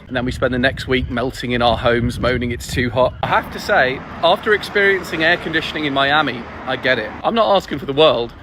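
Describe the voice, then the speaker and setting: A man's voice: fairly high pitch, lively intonation, fairly quick, few pauses, background noise. A man from Britain giving a wry, comedic vlog monologue.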